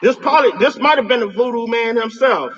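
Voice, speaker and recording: Profane high-voiced man taunting on a stream. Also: fairly quick, a bit bright. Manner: repeats words when worked up. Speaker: livestreamer addressing a spirit. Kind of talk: live stream rant. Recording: dull lo-fi stream audio.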